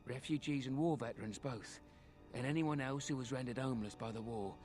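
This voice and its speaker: A weary male refugee beggar with a posh British accent, voiced by an actor in a video game. He speaks in a measured, matter-of-fact way, worn down but street-wise. His voice sits at an ordinary middle pitch. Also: darkish tone, soft background music, natural voice. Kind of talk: game voice acting.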